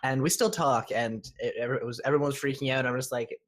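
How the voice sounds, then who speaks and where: A man's voice: mid-range voice, steady tone, fast. A man from Canada co-hosting a gaming podcast, telling stories in an easygoing way. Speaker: podcast co-host. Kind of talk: casual chat.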